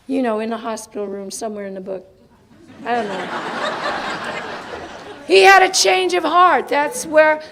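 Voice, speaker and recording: An older woman sharing her recovery story at a meeting, animated and laughing often, dropping to soft asides. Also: sits high. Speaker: AA speaker. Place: meeting hall.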